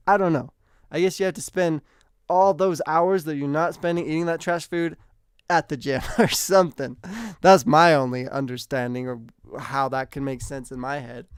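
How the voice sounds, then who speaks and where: A man hosting a casual livestream chat, lively and talkative, reading and answering viewers' comments. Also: on the high side, smooth, dry recording, clean studio sound. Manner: chatty, animated, reads out and answers comments. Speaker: streamer host.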